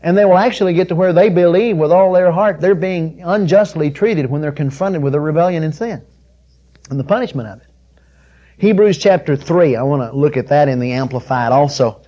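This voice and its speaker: A man delivers a sermon in a fairly high, mellow voice. He pushes hard and loud through quoted scripture, then sinks soft and low for the personal points. The recording sounds dull and lo-fi. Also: fairly quick. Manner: emphatic, builds to loud peaks on scripture quotes. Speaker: preacher.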